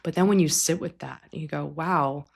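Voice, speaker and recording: A low-pitched woman therapist speaks in a gentle, reflective way as she hosts a podcast. She explains a clinical idea to her listeners, now and then slipping into the voices of clients or parents to illustrate it. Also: normal speed, gravelly, slightly rough. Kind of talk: conversational psychology talk.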